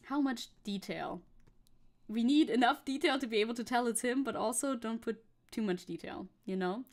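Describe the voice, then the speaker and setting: A woman's voice: on the high side, expressive, normal speed. A young woman streamer chatting casually and rambling while she paints, swearing now and then. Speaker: VTuber streamer.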